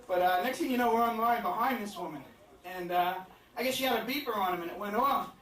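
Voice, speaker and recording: A male stand-up talks fast in a high voice, rambling through crude jokes at his own expense with lots of fillers. Recorded from a distance in an echoey comedy club, it has loud laughter from the crowd.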